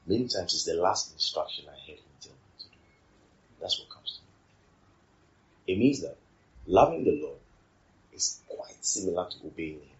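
Deep-voiced man preaching, lo-fi sound. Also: lively intonation, normal speed, pauses often. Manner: repeats phrases, asks rhetorical questions. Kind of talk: sermon.

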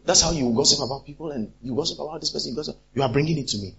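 A man's voice: on the high side, racing, creaky. A man preaching a sermon, acting out quarrels as he talks. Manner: animated, acts out quarrels in different voices. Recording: dull lo-fi recording.

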